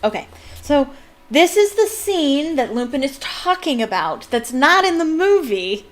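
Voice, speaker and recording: A woman reading a novel aloud and breaking off into animated, ranting fan commentary. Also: high voice, unhurried. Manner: animated, ranting, frequent laughs. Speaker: fan reader and book commentator. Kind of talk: casual read-aloud with commentary.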